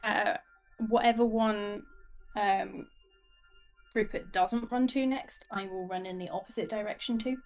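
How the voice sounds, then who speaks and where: A woman's voice: medium pitch, fairly even intonation, measured pace, darkish tone. Hesitant woman player, faint music. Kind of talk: casual chat at a game table.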